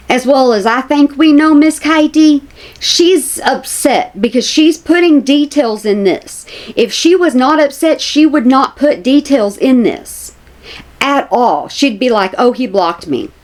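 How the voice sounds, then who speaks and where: Chatty woman, lively pitch. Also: slow. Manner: chatty, repeats herself, addresses viewers as y'all. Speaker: commentary vlogger. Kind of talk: casual opinion commentary.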